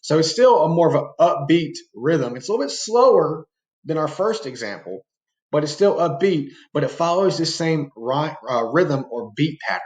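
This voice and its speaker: A man's voice: a little high, expressive, moderate pace, roomy sound. A man teaching a pre-recorded classroom lesson in a casual way, often calling the students "guys" and checking in with "right?". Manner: casual, talks to students as guys, frequent fillers and rhetorical "right?".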